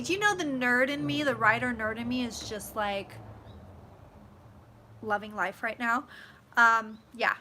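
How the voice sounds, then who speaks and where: Streaming live from home, this young psychic vlogger chats casually, gushes, and curses openly while going through viewers' comments. Her voice is on the high side and sharp, her delivery unhurried with long pauses, and there's a little hiss or hum.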